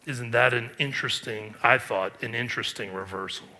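A man's voice: mid-range voice, normal speed, bright, forceful tone. A man preaching a sermon, earnest and emphatic, with rhetorical questions. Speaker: pastor.

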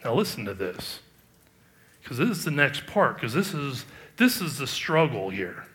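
The middle-aged pastor's mid-range voice moves with big pitch swings, a little slowly, as he preaches. He reads scripture aloud and remarks on it, alternating emphatic rises with quieter asides.

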